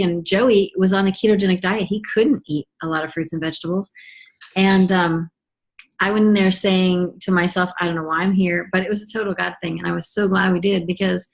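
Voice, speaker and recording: A middle-aged woman gives a personal testimony as a mother, talking in a chatty, earnest way with frequent ums and restarts. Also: on the low side. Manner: earnest and enthusiastic.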